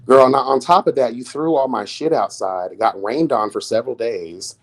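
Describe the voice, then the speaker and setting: A man streaming live and talking straight to his chat in a mid-range voice. He is sassy and flamboyant, swears freely and keeps leaping up into high, showy exclamations. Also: normal speed. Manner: chats with viewers in chat. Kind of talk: casual live-stream commentary.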